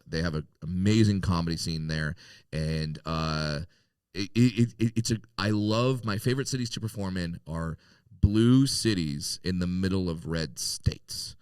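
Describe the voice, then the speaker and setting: A man's voice: sits low, normal speed, clean tone, no room sound. A man talking loosely as a comedian guest in a casual interview, joking, swearing freely and restarting sentences.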